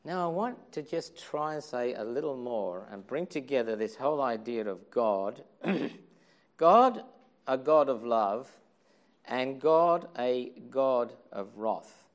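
A man preaching a sermon with passion, moving from hushed tones to loud outbursts and repeating phrases for emphasis. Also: medium pitch. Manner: impassioned, swings from hushed to loud.

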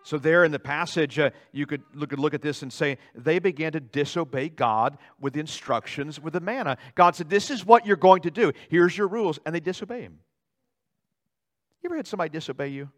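A male pastor preaching a sermon in a church, animated, swinging between loud dramatic outbursts and quiet asides. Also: fairly high pitch, a little fast. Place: church sanctuary.

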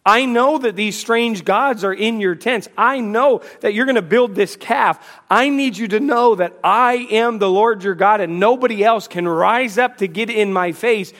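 A man's voice: sits high, a bit bright. A man preaching a sermon to a congregation, emphatic, asking rhetorical questions and slipping in dry humor. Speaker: pastor.

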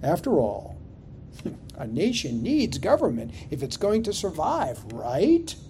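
A mocking male sage jeers at a listener, his voice pushed higher than usual and swooping with scorn. A man acts him out in the middle of a sermon. The tone is mellow underneath, with a faint rumble in the background. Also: huge pitch swings, slow, heavily acted. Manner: mocking, taunting, emphatic. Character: sneering sarcastic male sage taunting a godless man.

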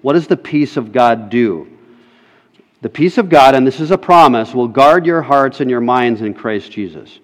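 A man's voice: mid-range voice, expressive, moderate pace. A man preaching a sermon emphatically, putting rhetorical questions to his congregation. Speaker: pastor. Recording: long reverb in a hall.

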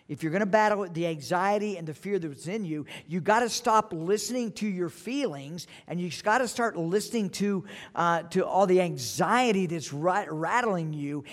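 Man, pastor, fairly high voice, earnest emphatic sermon, long hall reverb. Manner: earnest, emphatic preaching with repeated phrases. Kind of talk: evening sermon.

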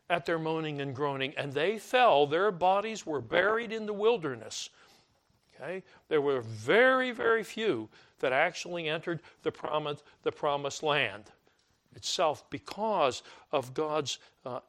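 Older male preacher, slightly high voice. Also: fairly bright tone. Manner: conversational, repeats words for emphasis, mimics complaining voices. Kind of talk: sermon.

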